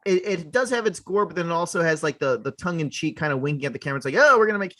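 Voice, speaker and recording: A man co-hosting a podcast in casual chat, easygoing, often slipping into quick impressions. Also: on the high side, no echo. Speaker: podcast co-host.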